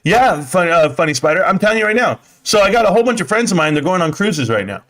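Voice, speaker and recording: A man's voice: sits high, very animated, fast, fairly bright tone. A man hosting a casual live stream, rambling and chatty as he reads viewer comments and swears now and then. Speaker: livestream host. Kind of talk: casual livestream chat, reading comments.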